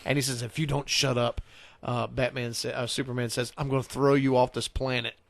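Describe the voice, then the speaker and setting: A man's voice: mid-range voice, level tone, brisk, gravelly, no room sound. Man, podcast host, rambling storyteller, dry close sound. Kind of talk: casual chat.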